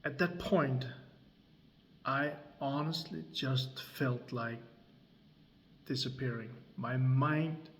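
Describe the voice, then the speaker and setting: A man tells his own story in English at a very slow, measured pace. He leaves long pauses between short phrases, and his pitch sits in a middle range. A faint hiss of background noise stays under his voice. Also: steady tone, a bit bright. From Denmark. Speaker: creator and coach.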